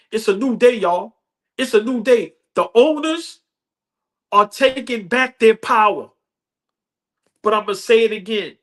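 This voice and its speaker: A man's voice: sits high, a bit bright. Man, podcast host, heated basketball rant, slangy, cursing, repeats himself for emphasis. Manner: passionate, emphatic, repeats lines for effect; profane, slangy street talk. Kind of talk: fan rant about basketball.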